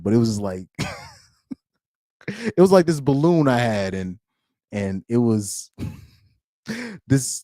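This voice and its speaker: A man's voice: medium pitch, warm tone, dry recording, studio quality. A young man hosting a live-streamed podcast in casual chat, rambling and laughing often between loose, filler-heavy sentences. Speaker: podcast host.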